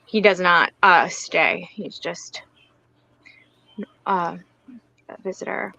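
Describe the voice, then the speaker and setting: A woman guest author talking in a soft, hesitant way on a casual livestream video call, often trailing off mid-thought. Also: lowish voice, takes it slowly, vocal fry, no room sound, rough recording.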